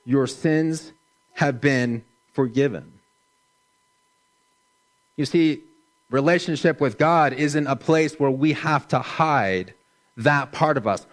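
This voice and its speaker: A middle-aged man preaching a sermon in a slow, gentle, measured way, dropping his voice softly for emphasis. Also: on the high side. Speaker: pastor.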